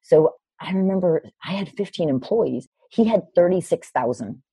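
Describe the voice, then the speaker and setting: A woman in her fifties, a personal development teacher, telling a story in conversation with animated, emphatic delivery. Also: lowish voice, normal speed, husky, no room sound. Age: 50s. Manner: animated, emphatic retelling with raised quoted lines.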